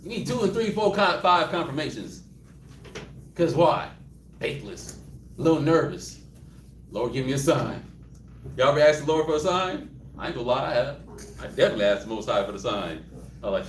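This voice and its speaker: A man's voice: on the high side, expressive, normal speed, pauses often, a little hiss or hum. A man with a Southern US accent leading an interactive Bible study, acting out prayers and laughing often. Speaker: Bible teacher. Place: room with a live group. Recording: roomy, mic at a distance.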